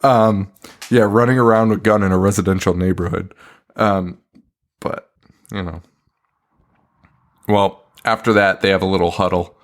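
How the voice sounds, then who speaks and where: A man's voice: low-pitched, steady tone, normal speed, pauses often. A man co-hosting a podcast, recapping a film in casual chat, laughing often and swearing freely. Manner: laughing, profane, tangent-prone. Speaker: podcast co-host.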